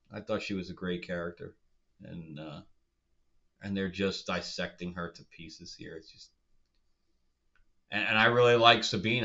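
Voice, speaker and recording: A man's voice: sits low, a bit bright, dull audio. Exasperated man ranting in a review. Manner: exasperated, rambling, sarcastic. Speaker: show reviewer. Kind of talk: casual review vlog.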